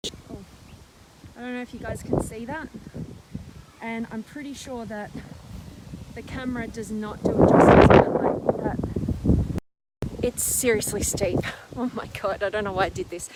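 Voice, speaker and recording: Hosting a live stream on her phone camera as she walks up a steep hill in a windy park, a woman is out of breath yet bubbly, reading viewer comments with lots of fillers. Her voice is a little high and steady in tone, unhurried, with long pauses. Faint outdoor noise can be heard.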